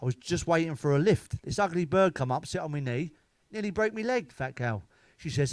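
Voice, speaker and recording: A man's voice: on the high side, expressive, fairly quick, hardly any pauses, a little mellow, dry recording. Bawdy man telling crude jokes. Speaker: stand-up comedian. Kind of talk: comic storytelling.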